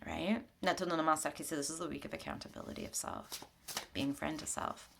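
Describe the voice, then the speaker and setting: A woman spiritual mentor giving a weekly tarot reading at her home altar, speaking gently and conversationally, often laughing. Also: low-pitched, sing-song, a little fast, creaky, a little hiss or hum.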